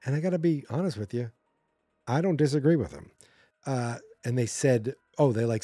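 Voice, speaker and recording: A man's voice: mid-range voice, normal speed, mellow, husky, no room sound, studio quality. Sarcastic, rambling male podcast host. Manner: sarcastic, rambling, acts out character quotes. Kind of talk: casual movie recap.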